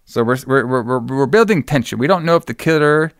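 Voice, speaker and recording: A man's voice: mid-range voice, lively intonation, a little fast, no echo. Brief: a casual male co-host recapping a film, rambling, in a dry, close sound. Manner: rambling, with many fillers and restarts. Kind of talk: casual movie recap chat.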